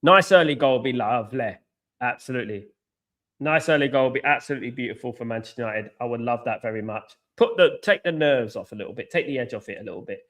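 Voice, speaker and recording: A young man hosting a live fan watchalong, chatting with viewers and reacting loudly to the football match, swinging from groans to shouts. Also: mid-range voice, expressive, fast talker.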